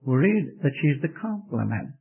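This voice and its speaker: Man preaching, kinda high voice, earnest and measured, sounds like an old tinny phone-line tape. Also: very animated, creaky, breathy edge. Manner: earnest, measured, repeats phrases for emphasis. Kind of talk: sermon.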